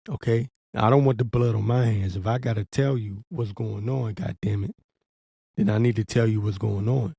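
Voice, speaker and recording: A man's voice: fairly low pitch, fairly even intonation, normal speed, creaky, dark tone, breathy edge, dry recording, clean studio sound. A man giving a blunt, profane, urgent warning in a preaching commentary vlog, with frequent restarts. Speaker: religious commentator.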